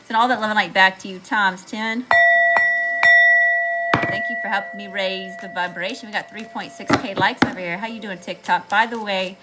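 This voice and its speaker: A woman's voice: medium pitch, fairly even intonation, normal speed, over loud music, rough recording. A woman with a Southern US accent giving a chatty, slangy live tarot reading to viewers, calling them y'all. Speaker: tarot reader.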